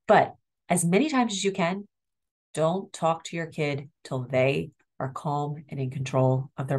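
A middle-aged woman educator speaking earnestly and with empathy in an interview about guiding children. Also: low-pitched. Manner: earnest, empathetic, demonstrates tones of voice. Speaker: school educator and guest. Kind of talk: interview conversation.

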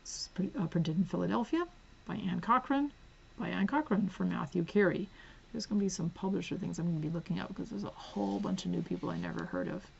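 A woman's voice: on the low side, fast talker, vocal fry, breathy edge, muffled recording. Chatty, giggly book-haul woman. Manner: chatty, giggly, drifts into soft whispers while reading spines. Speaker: book vlogger. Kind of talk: casual book haul vlog. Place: home.

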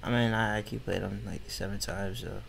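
A man's voice: lowish voice, fairly even intonation, brisk, gravelly, noisy background. A man giving casual, grumbling commentary over his own gameplay, slangy and easily frustrated. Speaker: gaming YouTuber.

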